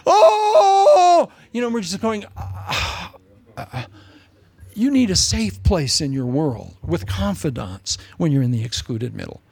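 A male pastor preaches in a lively, chatty way with a fairly high voice that swings up and down. He repeats phrases for emphasis and drops into jokes. The sound is close and dry. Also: normal speed, vocal fry, few pauses, breathy edge, dry recording. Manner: animated, humorous, conversational, with repetitions. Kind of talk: sermon.

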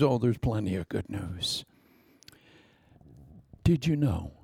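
A male pastor preaching a sermon emphatically, repeating phrases and jumping suddenly in pitch. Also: very animated, takes it slowly, gravelly, pauses often, darkish tone, breathy edge, dry recording, clean studio sound.

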